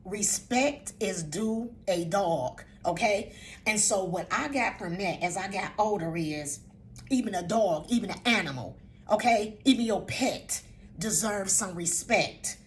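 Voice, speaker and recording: A woman's voice: medium pitch, expressive, measured pace, a little hiss or hum. An older woman, a vlog host, talking casually to the camera, repeating herself and often asking "you know what I'm saying?", with laughs mixed in. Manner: emotional, laughs while talking.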